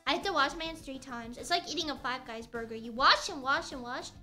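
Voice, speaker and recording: A woman's voice: sits high, a little fast, sharp tone, faint music behind. A young woman streamer chatting playfully and rambling while she crafts on stream.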